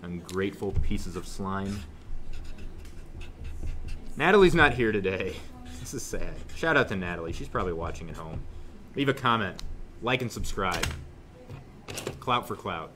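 A young man teaching a math class, joking with students and suddenly yelling for effect, recorded in a classroom. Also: on the low side, moderate pace, long pauses, a little hiss or hum. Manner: joking, animated, shouts suddenly. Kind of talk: classroom lesson.

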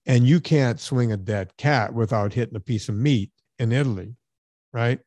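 A man's voice: medium pitch, normal speed, a little mellow, no room sound. Sarcastic man telling a story, dry sound. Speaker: podcast host. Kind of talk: casual chat.

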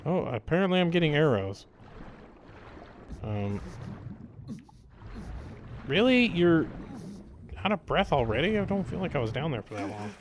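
A man's voice: a little high, very animated, measured pace, long pauses, a little hiss or hum. A man casually commenting on his own gameplay, rambling and cracking jokes to himself as he plays. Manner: joking, rambling, talks to himself while playing. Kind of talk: casual let's-play commentary.

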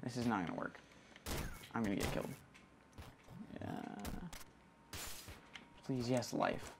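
A man's voice: mid-range voice, a little slow, noisy background. Young man with a mid voice, gaming banter. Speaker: guest player. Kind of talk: casual gameplay chat.

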